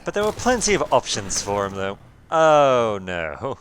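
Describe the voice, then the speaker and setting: Relaxed male gamer, mid pitch, animated lilt, wry about his losses. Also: fairly quick, a little hiss or hum. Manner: laid-back, wry remarks on his own bad luck. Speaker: opposing gamer. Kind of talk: casual gameplay banter.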